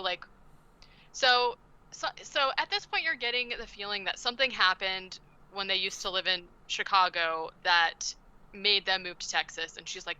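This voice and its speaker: Bright-voiced sarcastic woman podcaster. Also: medium pitch, normal speed, clean tone, poor audio. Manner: sarcastic, swearing, acting out quotes in silly voices. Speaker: podcast co-host. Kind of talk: casual movie recap chat.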